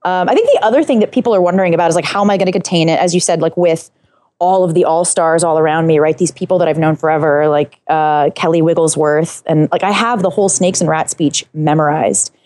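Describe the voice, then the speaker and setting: Give me a mellow woman guest chatting eagerly, full of fillers and restarts. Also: deep voice, fast, no room sound. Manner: excitable, rambling, many fillers and restarts. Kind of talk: casual interview chat.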